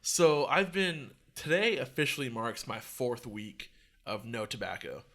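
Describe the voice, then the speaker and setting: A young man hosting a podcast, telling a story in a casual, profane, animated way. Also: medium pitch, unhurried. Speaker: podcast host.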